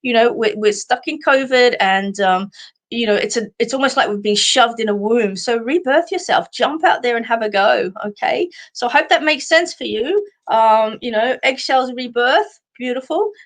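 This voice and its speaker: An Australian woman hosting a live stream of psychic card readings, talking in a warm, chatty way, full of fillers, and calling viewers sweetheart. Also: on the high side, lively intonation, normal speed. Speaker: psychic medium host.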